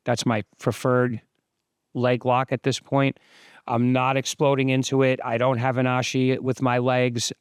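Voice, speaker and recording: A man in his fifties, host of his own channel, giving relaxed, explanatory voice-over commentary on sparring footage. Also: medium pitch, smooth, dry recording, studio quality. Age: 50s.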